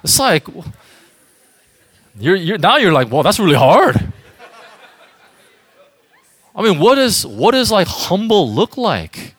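A man's voice: high-pitched, sing-song, measured pace, fairly bright tone, dry recording. Man preaching casually to a youth group. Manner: conversational, emphatic, addresses audience directly. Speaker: youth pastor. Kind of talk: informal sermon to a youth group.

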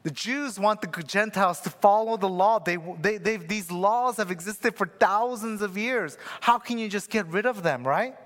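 Casual high-voiced preacher in a reverberant hall. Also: male voice, normal speed, hardly any pauses, a bit bright. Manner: conversational, keeps asking "right?". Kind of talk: sermon with personal story.

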